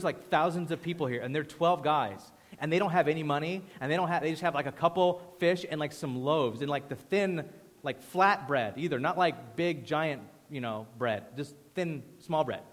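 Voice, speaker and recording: A man preaches in a lively, conversational way, swinging from punchy storytelling to sudden quiet emphasis. His voice sits a little on the high side. The sound carries the long reverb of a big hall. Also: normal speed. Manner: animated, conversational storytelling with sudden hushed drops. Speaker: pastor. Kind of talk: sermon.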